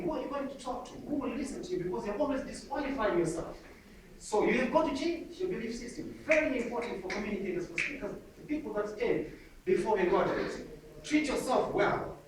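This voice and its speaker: A man, coaching an audience on public speaking in a lively seminar style and calling out to the crowd. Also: extremely high pitch. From Zimbabwe. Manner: energetic, calls out to the audience. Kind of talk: motivational seminar talk. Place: large hall with an audience. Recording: echoey hall from far off, audience noise.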